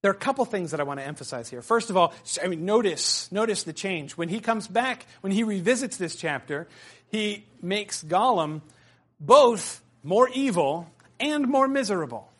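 A man giving a classroom lecture, animated and chatty, full of fillers and acted asides. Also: high voice, normal speed, husky.

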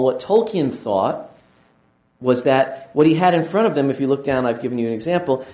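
A man's voice: medium pitch, darkish tone. Enthusiastic male lecturer in an echoey room. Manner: enthusiastic, digressive, with restarts. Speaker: university lecturer. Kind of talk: classroom lecture.

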